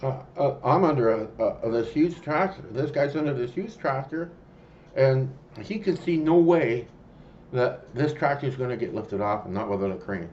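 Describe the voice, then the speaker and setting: A man telling a personal story in a rambling, halting way, full of fillers and restarts. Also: lowish voice, darkish tone, lo-fi sound, a little hiss or hum. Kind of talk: casual spoken storytelling.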